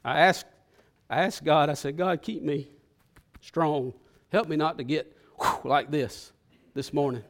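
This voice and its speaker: A man delivers an impassioned sermon in a slightly higher voice. He swells into loud, rousing runs and then drops to a near hush. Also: steady tone, unhurried. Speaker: pastor.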